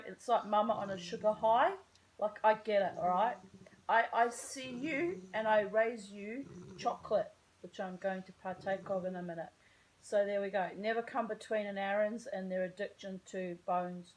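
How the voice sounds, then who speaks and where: A woman's voice: medium pitch, darkish tone, a little hiss or hum, rough recording. A woman talking into her phone camera at home in a rambling, self-mocking casual vlog, full of wry asides. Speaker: vlogger.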